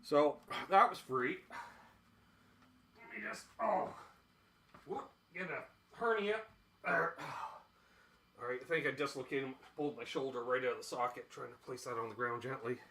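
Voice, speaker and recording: A man's voice: medium pitch, moderate pace, long pauses, pushed and bright, slight background noise. A man from Canada chatting casually while unboxing old music gear, rambling, joking and swearing, and often drifting from the mic as he moves around. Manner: rambling, jokey, swears freely, voices quoted people. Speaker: gear vlogger.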